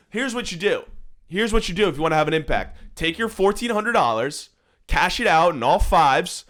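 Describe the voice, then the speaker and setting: A young podcast host delivers a sarcastic, profanity-laden solo rant, recorded on his phone in a room at home. His voice sits on the high side with a bit of brightness.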